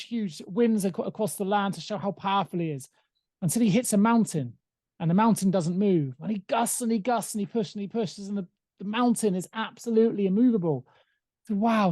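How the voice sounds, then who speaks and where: A man co-hosting a podcast, chatting casually and telling a parable in an animated way, with many restarts. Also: high voice, no echo. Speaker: podcast co-host. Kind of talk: casual chat and storytelling.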